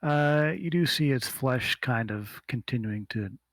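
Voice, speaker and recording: A male game master narrates combat at an easy, slow pace, humming little filler sounds as he rolls dice. His voice has a gravelly fry to it. The sound is dry and close, with no room echo. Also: mid-range voice. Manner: relaxed, unhurried, hums filler sounds while rolling.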